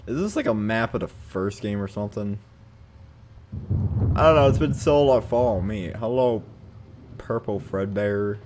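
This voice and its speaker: Chatty gamer man, low voice. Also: unhurried, long pauses, darkish tone, a little hiss or hum. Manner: loose, chatty, slangy. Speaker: gaming channel host. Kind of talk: casual gameplay commentary.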